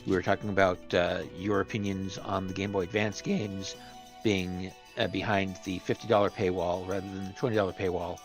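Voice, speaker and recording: A man co-hosting a stream, asking questions in a casual, halting way with many restarts. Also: low voice, level tone, soft background music. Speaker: co-host. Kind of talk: casual chat.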